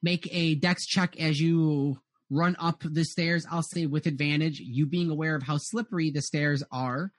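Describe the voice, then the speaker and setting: A man's voice: a little high, fairly even intonation, measured pace, dry recording. A man narrating as game master in a rambling way, full of "uh"s and restarts.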